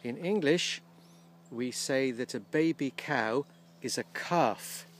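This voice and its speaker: A man giving casual, gently humorous commentary outdoors by a field, slowly explaining English words as he films. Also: mid-range voice, slight background noise. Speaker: vlogger teaching English.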